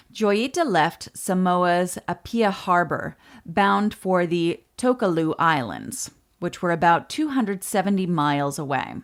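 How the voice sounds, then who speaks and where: Woman podcast host telling a history story, bit low pitched, chatty and lively. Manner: lively narration with asides and laughs.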